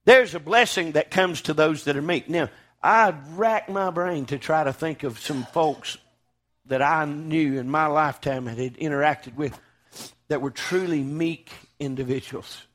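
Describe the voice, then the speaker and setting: Fervent preacher, high-pitched man. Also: measured pace. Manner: fervent, swings from loud declaiming to hushed. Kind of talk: sermon.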